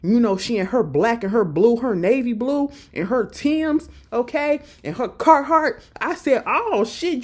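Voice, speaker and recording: A woman casually recapping a TV episode, telling it in lively slang and acting out what the characters say. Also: fairly high pitch, unhurried, few pauses. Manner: animated, slangy storytelling that acts out the characters' lines.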